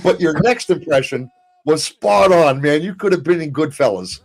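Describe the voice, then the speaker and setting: A man's voice: a little high, animated, moderate pace, darkish tone. Laughing, swearing man in casual chat. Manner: laughs often, swears casually, repeats himself. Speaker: podcast guest.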